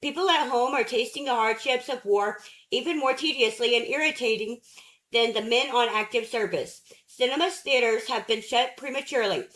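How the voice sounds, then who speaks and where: A woman narrating an audiobook, reading essay prose in a measured, steady way. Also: fairly high pitch, rough recording.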